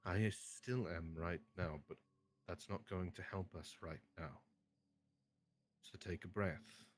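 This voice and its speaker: A man voicing a calm, steady male adventurer who gently soothes an angry friend in a tabletop game. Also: low-pitched, slow pace. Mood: soothing.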